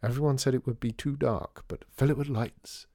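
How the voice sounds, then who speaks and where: A man voicing Artie, a wry, theatrical former department store boss who talks with flair and sharp wit. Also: mid-range voice, steady tone, normal speed, no room sound, clean studio sound, voice pushed up, close to an everyday voice. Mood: enthusing.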